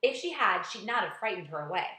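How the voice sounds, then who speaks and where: A woman's voice: mid-range voice, very animated, fast talker, pushed and bright. A woman voicing a cheerful small boy in a storybook, eager and friendly, in an echoey room.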